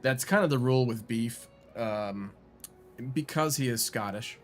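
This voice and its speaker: A man's voice: medium pitch, measured pace. A man streaming a golf video game, rambling and joking as he thinks aloud with lots of fillers. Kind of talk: casual gameplay commentary. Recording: music playing behind. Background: game music.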